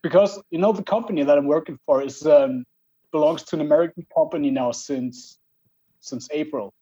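Mellow husky man on a call. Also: a little high, a little fast, highs cut off. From Germany. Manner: hesitant, self-mocking. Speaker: guest. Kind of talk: casual video call chat. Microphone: video call.

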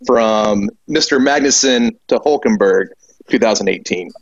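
A man's voice: lowish voice, unhurried, no echo, dull audio. A man chatting on a podcast panel in a dry, playful way. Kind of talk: casual chat.

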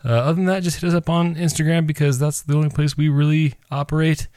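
A man's voice: fairly high pitch, flat delivery, fast talker, a little mellow, no echo, studio quality. A man hosting a casual podcast chat, joking and laughing often. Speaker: podcast host.

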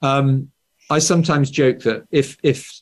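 An English man from England, a guest author with a standard Southern English accent, speaks at medium pitch in a steady, unhurried tone. It's a conversational interview, and he explains things conversationally, often adding "right?" tags and restarting sentences.

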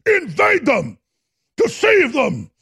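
A gloating male villain bellows in a strained, high voice, as a ranting host puts him on mockingly. The delivery is loud and bombastic, with a raspy, gravelly edge. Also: huge pitch swings, slow pace, full character voice. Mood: gloating shout.

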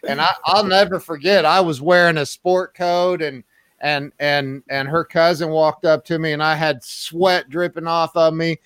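A man's voice: fairly high pitch, fairly even intonation, moderate pace, a bit bright, clear, resonant tone, dry recording. Male podcast host, resonant voice, dry close sound, rambling casual talk, lots of ums. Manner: rambling, repeats words, many fillers. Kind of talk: casual interview chat.

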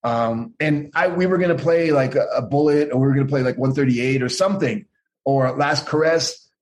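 A man's voice: mid-range voice, normal speed. A middle-aged man in a casual interview, telling rambling, profane stories and acting out what others said. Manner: profane, rambling, acts out quoted voices. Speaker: guest, former pro wrestler.

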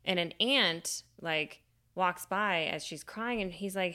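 Low, smooth-voiced woman retelling a myth. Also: slow, pushed and bright. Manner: chatty, retells a myth with many fillers. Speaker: podcast co-host. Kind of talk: casual storytelling chat.

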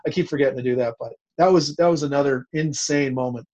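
A man as a guest in an interview, telling a long story in a rambling, animated way with many restarts. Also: medium pitch, fast, highs cut off.

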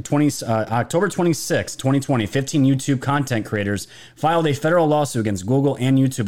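A man's voice: medium pitch, darkish tone. A man hosting a live commentary stream, talking casually to his viewers and rambling with frequent restarts. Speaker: political commentary channel host.

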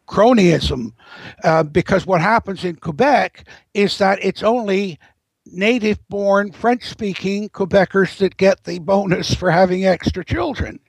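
As an interview guest, a high-voiced, gravelly man offers commentary in long, meandering explanations, often beginning his sentences again. The audio is rough, close and dry.

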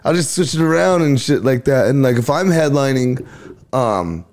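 Male comic, podcast guest, gravelly, lively storyteller. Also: mid-range voice, normal speed. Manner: animated storytelling, acts out crowd exchanges, laughs often. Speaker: stand-up comedian guest. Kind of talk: casual podcast chat.

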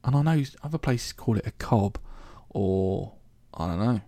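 Gravelly London man chatting casually. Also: fairly low pitch, expressive, a little slow, warm tone, no echo. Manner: chatty, joking, rambling. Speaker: podcast host. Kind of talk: casual solo podcast monologue.

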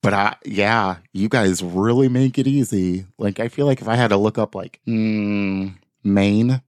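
A man's voice: lowish voice, a little slow, no room sound, clean studio sound. A man hosting a podcast, reading news articles aloud with offhand jokey asides in casual chat. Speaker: podcast host.

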